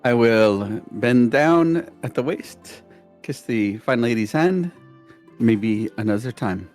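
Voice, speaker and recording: A man's voice: mid-range voice, animated, slow pace, a little mellow, soft background music. A man playing a tabletop game, speaking for his character with hesitant "uh"s. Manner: hesitant, many "uh"s. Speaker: player.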